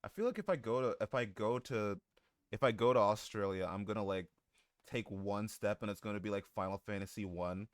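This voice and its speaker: A man's voice: fairly low pitch, fairly quick, no room sound, clean studio sound. A man live-streaming who chats casually with his viewers, joking, swearing and laughing often.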